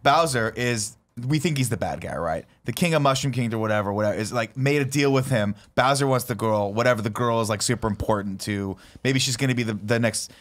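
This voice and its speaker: A man co-hosting a podcast, telling a made-up movie plot in a lively, animated way, with swearing and quick asides. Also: mid-range voice. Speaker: podcast co-host. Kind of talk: casual chat.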